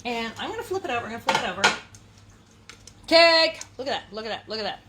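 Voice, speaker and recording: A woman's voice: a little high, very animated, racing, very noisy. A woman hosting a casual cooking demonstration in a kitchen, chatty and playful, breaking into sing-song asides. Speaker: cooking show host.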